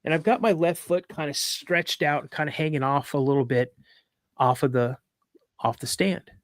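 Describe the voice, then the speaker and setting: A man's voice: fairly high pitch, moderate pace, no room sound, studio quality. A man hosting a live podcast, retelling a personal story vividly with frequent restarts. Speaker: podcast host.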